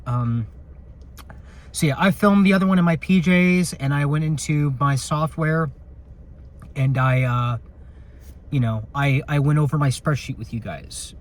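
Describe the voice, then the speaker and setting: A security officer with a voice on the high side vlogs casually into his phone camera from his patrol car at night. Speaking a little slowly and pausing often, he rambles and jokes, with some swearing.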